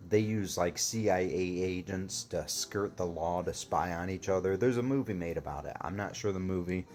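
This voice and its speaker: Deep-voiced man rambling through a story. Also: moderate pace, hardly any pauses, darkish tone. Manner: rambling, heavy on fillers and swearing. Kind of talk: casual storytelling to camera.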